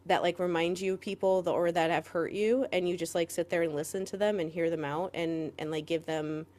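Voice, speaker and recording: A woman co-hosting a podcast in casual chat, rambling with lots of "like" fillers and quick laughs. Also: fairly low pitch, steady tone, a little mellow. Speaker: podcast co-host.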